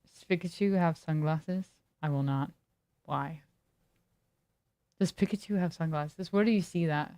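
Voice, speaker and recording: A woman's voice: deep voice, unhurried, long pauses, warm tone. A woman streamer chatting casually with her viewers, reading chat aloud and riffing on it in a laid-back way.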